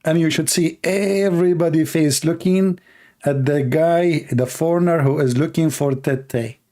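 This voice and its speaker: Sarcastic male livestream host, slightly high. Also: a little slow, dark tone. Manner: sarcastic, rambling storyteller with many fillers. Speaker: livestream host reacting to videos. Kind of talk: casual mocking commentary.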